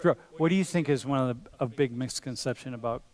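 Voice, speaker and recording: A man's voice: mid-range voice, fast, a little mellow. A man teaching a university class in a large lecture hall, talking casually and playfully, calling students dude and bro. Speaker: university professor.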